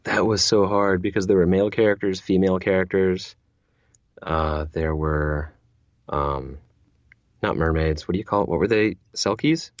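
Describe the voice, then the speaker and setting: A man's voice: sits low, normal speed, no room sound, dull audio. A man who narrates audiobooks, chatting as an interview guest, rambling with many restarts and repeated words. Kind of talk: casual interview chat.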